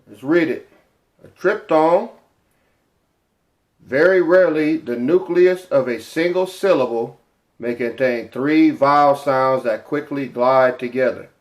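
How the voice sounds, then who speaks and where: A man teaching informally from a chart, halting often with repeated fillers and sounding out letters and syllables. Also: medium pitch. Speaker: religious teacher.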